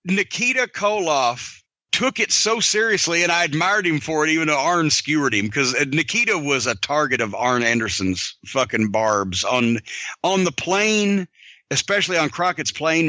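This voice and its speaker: A man's voice: fairly high pitch, animated, normal speed, sharp tone, dry recording. A man in his fifties hosting a podcast, telling profane wrestling-business stories with lots of "uh" fillers. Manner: profane storytelling with many filler words. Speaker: podcast host answering listener questions. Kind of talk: casual podcast chat.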